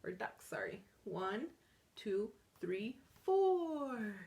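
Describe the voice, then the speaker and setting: A children's librarian reading aloud to little kids, her higher voice swooping up and down in a bouncy sing-song. She takes her time, stretching out words and counting along slowly. Her delivery is full of playful gasps and delight. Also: sing-song, fairly bright tone. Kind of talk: reading picture books aloud to young children.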